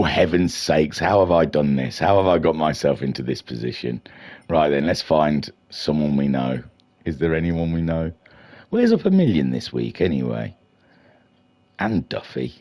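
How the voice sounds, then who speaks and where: With a rumbling low, darkish voice, this middle-aged man hosts casual live-stream commentary for a racing league. He chats freely, mocks himself, and comes across as slightly flustered.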